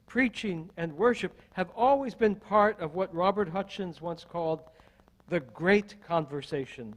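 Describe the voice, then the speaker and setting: An older man who serves as an associate minister preaches a sermon, speaking in a measured, deliberate manner and firing off strings of rhetorical questions. His voice is high-pitched, and the recording quality is low.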